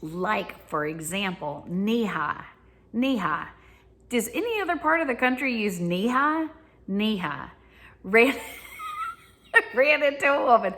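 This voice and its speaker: A vlogger from the Southern United States, this woman tells casual stories in a monologue, giggling and laughing often. Her medium-pitched voice is sing-song, gravelly, and a bit bright, moving at a measured pace.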